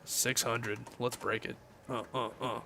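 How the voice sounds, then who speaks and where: A man's voice: mid-range voice, a little slow, gravelly, soft background music. Laid-back Southern US man streaming late at night. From Southern United States. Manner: relaxed, joking, chatting with viewers. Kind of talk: casual late-night game stream chat.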